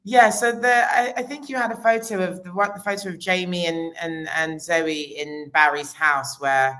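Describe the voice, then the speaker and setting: A woman's voice: fairly low pitch, steady tone, normal speed, a bit bright. A woman, a costume designer talking casually in an interview, with many restarts. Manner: chatty, many restarts and fillers.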